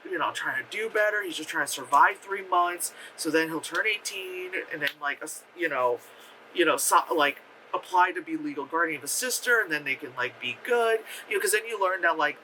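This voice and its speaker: Bright-voiced man ranting through a movie recap. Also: on the high side, a little fast, slight background noise, low-quality recording. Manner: profane, many fillers, animated retelling. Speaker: movie reviewer. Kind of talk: casual rambling film review.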